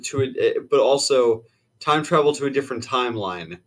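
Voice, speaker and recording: A man's voice: mid-range voice, lively intonation, moderate pace. A man in a casual discussion, agreeably summarizing what his co-host said. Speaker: guest co-host.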